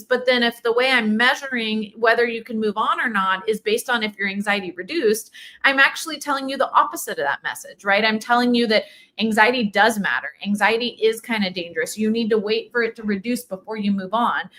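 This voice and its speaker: A middle-aged woman, speaking as a clinician in a casual livestream talk, animated and chatty with lots of fillers. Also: a little high. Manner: animated, conversational, many fillers and quoted dialogue. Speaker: OCD clinician and program leader.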